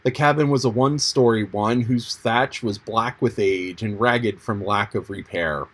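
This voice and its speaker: A man reading an audiobook chapter in a measured, descriptive manner. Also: lowish voice, breathy edge. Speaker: audiobook narrator. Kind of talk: audiobook narration.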